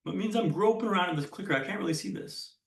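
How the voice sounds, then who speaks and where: A man giving a keynote speech as a storyteller, with punchy lines, dramatic pauses and self-deprecating humor. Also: sits high, gravelly, fairly bright tone, echoey room, recorded from a distance. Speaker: keynote speaker. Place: conference hall stage.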